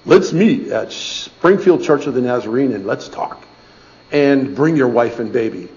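Pleasant, calm phone caller, gravelly low edge, voiced by a man, dull lo-fi recording. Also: measured pace. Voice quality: pleasant, warm-toned.

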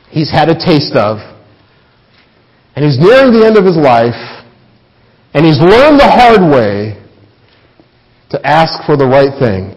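A man delivers a sermon in a somewhat high voice. He is emphatic, pushing phrases up for effect and letting them fall low again. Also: a little mellow, muffled recording. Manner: emphatic, rises and falls for effect. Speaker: pastor.

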